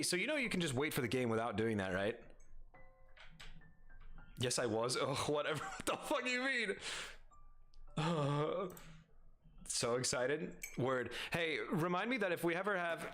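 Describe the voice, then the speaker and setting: A man's voice: on the high side, lively intonation, normal speed, fairly bright tone, faint music behind. A young adult man streaming live, chatting casually, swearing freely, laughing often and reading chat aloud.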